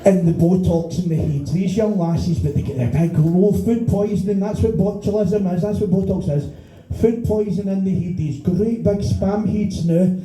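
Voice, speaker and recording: A man's voice: high voice, moderate pace, warm tone. A middle-aged Scottish man doing a stand-up set, ranting with profanity and exasperated rhetorical questions. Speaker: stand-up comedian. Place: small bar venue stage. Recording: echoey bar room.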